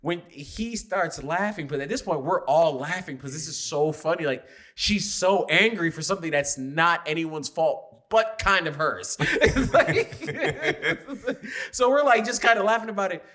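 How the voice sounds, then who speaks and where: Animated guy on a podcast, bright voice, loud when he acts out quotes, laughs a lot. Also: on the high side, unhurried. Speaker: podcast co-host. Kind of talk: casual storytelling chat.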